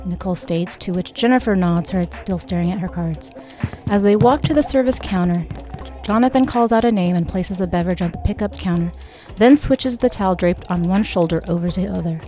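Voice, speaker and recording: A woman reads her own novel aloud as audiobook narration, voicing every character in a near-natural tone with small lifts for dialogue. Her voice is lowish and warm, fairly quick, with faint music behind.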